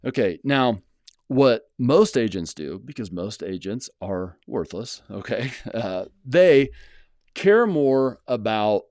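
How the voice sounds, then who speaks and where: A man's voice: medium pitch, lively intonation, takes it slowly, a little mellow, no echo, clean studio sound. A man hosting his own channel, talking casually and bluntly to the camera, rambling with many fillers and restarts. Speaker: channel host, house flipper. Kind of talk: casual solo talk to camera.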